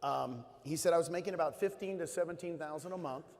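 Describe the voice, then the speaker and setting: A man's voice: fairly high pitch, fast talker, darkish tone. Emphatic man speaking in a hall. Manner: storytelling, emphatic, repeats key phrases. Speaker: conference speaker. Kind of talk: motivational stage talk. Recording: hall reverb.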